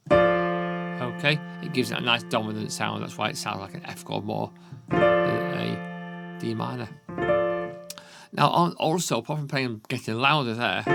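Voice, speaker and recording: A man's voice: medium pitch, vocal fry. A man with a Yorkshire accent teaching a beginner piano lesson, counting beats aloud and checking in with frequent "okay?". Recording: piano music loud underneath. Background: piano playing.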